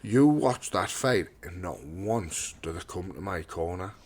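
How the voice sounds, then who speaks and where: A young man with a fairly low voice speaks as an interview guest, a pro boxer telling his own story. He is blunt and swears freely, tripping over and repeating words and acting out the lines of the people around him. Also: expressive, a little slow.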